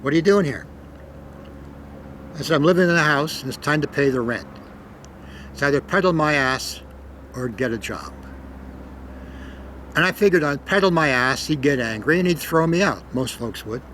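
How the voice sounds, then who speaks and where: A man's voice: fairly high pitch, expressive, moderate pace, long pauses, a bit bright, slight background noise, rough recording. An older man from Canada telling stories in a loose, rambling monologue, cursing freely and punching words with sudden emphasis. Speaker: storyteller. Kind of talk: casual spoken monologue.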